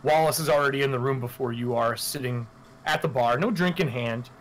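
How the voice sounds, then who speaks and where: A man's voice: mid-range voice, fairly quick, a little hiss or hum, rough recording. A man acting as game master who narrates scenes casually. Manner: casual, loose. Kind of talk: tabletop role-play narration.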